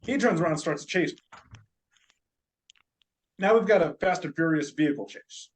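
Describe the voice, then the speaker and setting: A man's voice: a little high, normal speed, long pauses, low-quality recording. A man with a slightly raised voice tells a long personal story on a podcast. He talks casually, swears freely and slips in jokes. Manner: animated, profane, joking. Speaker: podcast guest.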